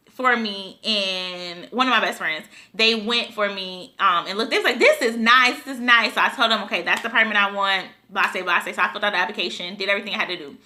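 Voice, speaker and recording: A woman's voice: medium pitch, bright, forceful tone. A young woman from Buffalo, New York, telling a casual storytime vlog to her viewers, chatty and emotional, often calling them y'all. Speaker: vlogger.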